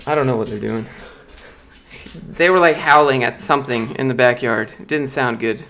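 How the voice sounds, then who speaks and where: A man's voice: medium pitch, normal speed, sharp tone, a little hiss or hum. A man chatting casually on a live stream, telling loose, filler-heavy anecdotes. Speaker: streamer answering viewer questions.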